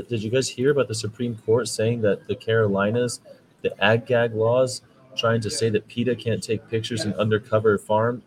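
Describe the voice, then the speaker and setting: The American man hosting this vegan podcast has a lowish, slightly mellow voice. He rambles casually before getting preachy about veganism, and the rough recording has a little hiss or hum.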